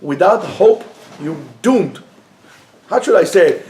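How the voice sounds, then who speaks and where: High-voiced animated man teaching Torah. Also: normal speed, reverberant. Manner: animated, joking, mixes in Hebrew phrases. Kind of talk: lively Torah class.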